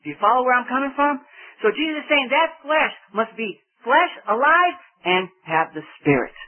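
A man from Spain with a high, husky voice preaches slowly and emphatically. He leans on single words and asks his listeners questions. The sound is thin and tinny, like a phone line. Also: animated. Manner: slow, emphatic delivery with dramatic pauses and rhetorical questions. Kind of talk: sermon, Bible teaching.

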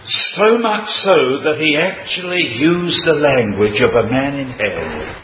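Dramatic preacher in an echoey hall. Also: male voice, expressive, takes it slowly. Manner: emphatic, dramatic preaching with wide swings in pitch. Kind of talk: sermon. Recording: dull, roomy hall recording with faint noise.

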